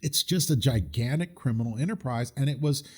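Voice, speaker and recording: Man, podcast host, casual chat, indignant, rambling, restarts a lot, mid pitch. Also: fairly quick, a little mellow.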